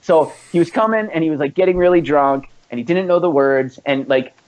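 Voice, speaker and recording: He talks a little fast in a fairly high-pitched voice. The speaker, a guest who founded and plays in a band, chats casually on a muffled, lo-fi podcast, laughing as he tells rambling stories peppered with profanity.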